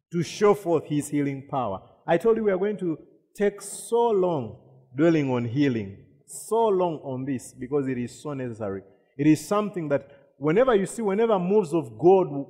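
A man's voice: on the high side, mellow. A man preaching a sermon, repeating words and asking the congregation questions. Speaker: pastor. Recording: long reverb of a hall.

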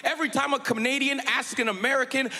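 Male stand-up comic, high and husky, punchy delivery in a big reverberant hall. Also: fairly even intonation, fast talker, sharp tone. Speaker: stand-up comedian. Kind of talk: stand-up comedy set. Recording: live hall with long reverb. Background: audience laughter.

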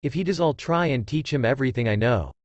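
A man's voice: mid-range voice, animated, quick pace, dry recording, dull audio, close to an everyday voice. A man voicing a cheeky, kind spirit of a father who explains things at length.

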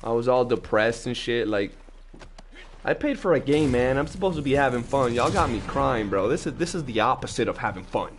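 A young man chatting casually on a live game stream, talkative and slangy, telling animated stories to his chat. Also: mid-range voice, a little fast, slight background noise.

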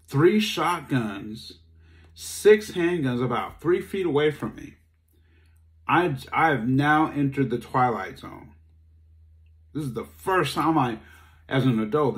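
A man giving a talk, telling a personal story in a casual, conversational way and acting out the dialogue. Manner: animated, acts out dialogue, voice jumps high when upset. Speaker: speaker.

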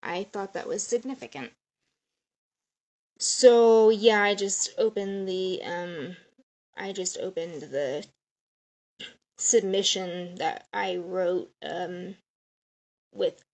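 A woman's voice: fairly low pitch, slow, long pauses, a little mellow. A woman in her thirties talking casually on a live stream, rambling and jumping from topic to topic. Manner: rambling, chatty, jumps between topics. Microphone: phone or webcam on a live stream.

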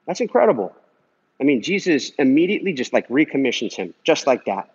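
A man with a slightly husky voice of middling pitch speaks earnestly to a viewer in a loose, conversational way. He talks while walking through a pool area. The recording sounds dull and lo-fi. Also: very animated, fairly quick. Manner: earnest and conversational, full of "man" and "you know". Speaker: Christian vlogger answering a viewer comment. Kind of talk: casual spoken encouragement.

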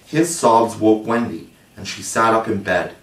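Man, storybook narration, lowish voice, roomy distant sound. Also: measured pace. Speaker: audiobook reader.

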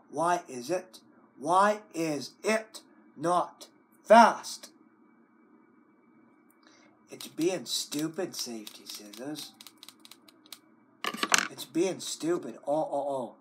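A man ranting at his computer on camera, scolding over and over with repeated words, long wailing cries, and low growled, cursing threats. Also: slow pace, pauses often. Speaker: video maker.

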